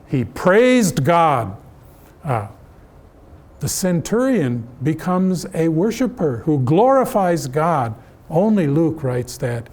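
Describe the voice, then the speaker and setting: Man, Bible class teacher, slow deliberate delivery, slightly high voice, questions to the class. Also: darkish tone. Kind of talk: adult Bible class lecture.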